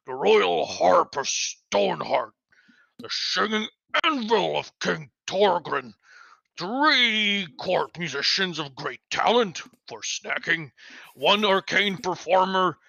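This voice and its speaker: Picture a menacing ogre king, boastful and greedy, rumbling slowly through a ransom letter in a gravelly, crackling voice, as a man at a game table reads it out. His tone is bright and hard-edged. It comes through a dull, lo-fi voice chat with no room sound at all. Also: no room sound, full character voice. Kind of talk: reading a letter aloud in an ogre voice.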